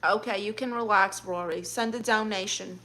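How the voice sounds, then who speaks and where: A woman's voice: mid-range voice, moderate pace, sharp tone. A woman with a Brooklyn accent streaming live, reading viewer comments aloud and answering them with blunt, sassy comebacks. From Brooklyn, New York.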